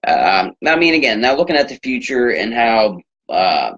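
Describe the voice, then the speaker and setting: A man's voice: medium pitch, sing-song, normal speed, fairly bright tone, a little hiss or hum. A man hosting his own sports talk show, ranting in a rambling, profane way with lots of fillers. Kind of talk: solo sports rant. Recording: dull lo-fi recording.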